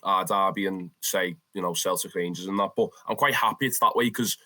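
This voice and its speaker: A young Scouse man is spinning a story in a relaxed interview. His voice is bright and forward, and his telling is lively and full of swearing. He keeps calling the listener "lad". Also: low-pitched, brisk. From Liverpool, England. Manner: animated, swears freely, calls the listener "lad". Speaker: interview guest, football fan.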